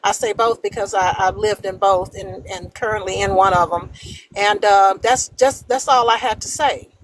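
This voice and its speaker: A woman's voice: medium pitch, moderate pace, rough recording. A woman from Louisiana, introducing herself hesitantly on a live online panel. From Shreveport, Louisiana. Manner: hesitant, with fillers. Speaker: panel guest.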